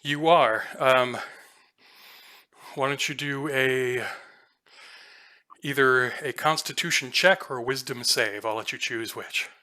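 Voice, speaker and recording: A man's voice: medium pitch, slow pace, long pauses, sharp tone. A man narrating a tabletop game as game master, casual and playful, with many filler ums.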